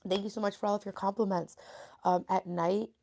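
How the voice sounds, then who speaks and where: A woman in her thirties from New York who has just woken up, chatting casually with live-stream viewers in her bedroom. Her voice is raspy, and she greets people by name as she reads the chat aloud. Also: mid-range voice, steady tone, a little fast, a little mellow. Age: 30s. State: sleepy, just woke up.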